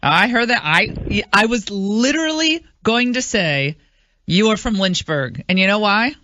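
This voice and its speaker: A woman's voice: mid-range voice, animated, unhurried, bright, forceful tone, dull audio, slight background noise. A woman hosting a talk radio show, chatty and emphatic with frequent fillers. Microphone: studio microphone.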